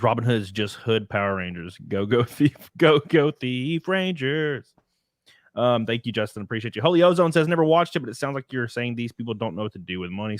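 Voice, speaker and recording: A man's voice: on the low side, no echo, clean studio sound. A man hosting a casual podcast, reading out viewer comments in a laid-back way and swearing now and then. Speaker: podcast host.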